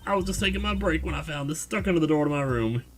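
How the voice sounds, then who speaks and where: A man putting on a shrill, gushing old lady. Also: lively intonation, fast, faint music behind, lightly acted. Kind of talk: video game voice-over reading.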